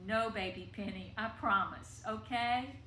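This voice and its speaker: A woman doing a gentle, worried mother. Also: medium pitch, measured pace. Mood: soothing. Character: gentle worried mother soothing her sick child. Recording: echoey room with faint noise.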